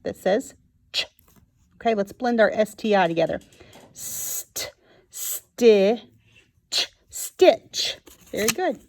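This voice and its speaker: A woman teaching a phonics lesson to young children, sounding out each word slowly and clearly. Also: medium pitch, animated. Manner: slow and clear, sounding out words.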